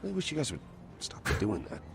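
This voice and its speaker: An actor playing a young man who quietly lays out a stealthy plan to his crew in a video game. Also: lowish voice, wildly swooping pitch, brisk, vocal fry, slight background noise, full character voice. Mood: hushed planning. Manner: hushed, giving orders.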